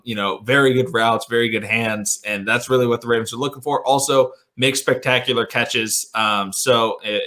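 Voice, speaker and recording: A man's voice: medium pitch, bright, forceful tone. A man hosting a casual sports podcast, upbeat and chatty with frequent ums and restarts. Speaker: podcast host.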